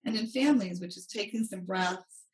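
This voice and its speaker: Woman guest on a podcast, animated, roomy echoey sound. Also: medium pitch, moderate pace. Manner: animated, acts out quotes. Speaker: guest, money coach. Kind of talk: interview storytelling. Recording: roomy, distant from mic.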